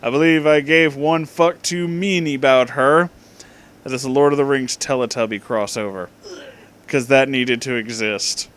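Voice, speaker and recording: Reading fan fiction aloud at a moderate pace, this young man keeps a mid-range, deadpan delivery but keeps breaking off, laughing incredulously as he adds his own remarks.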